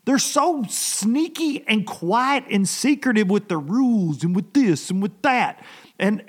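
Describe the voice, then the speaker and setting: A man hosting a fishing podcast, telling a story in an exasperated, animated, folksy way. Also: high voice. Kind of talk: casual rant.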